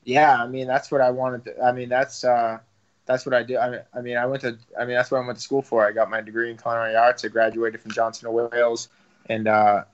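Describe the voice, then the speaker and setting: Young male fighter, rapid flat delivery with lots of fillers, casual interview guest, dull lo-fi sound. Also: medium pitch. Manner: rambling, filler-heavy, casual swearing. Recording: slightly dull lo-fi audio.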